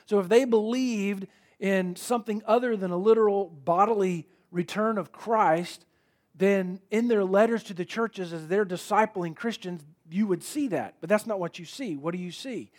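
A man with a high voice delivers a sermon in an earnest, emphatic way. He reads scripture aloud and poses rhetorical questions to his listeners. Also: moderate pace, a little mellow. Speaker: preacher.

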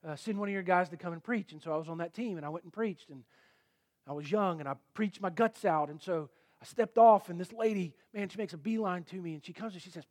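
A middle-aged male pastor preaching a sermon in an earnest, emphatic way, rising to forceful peaks. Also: high-pitched, quick pace.

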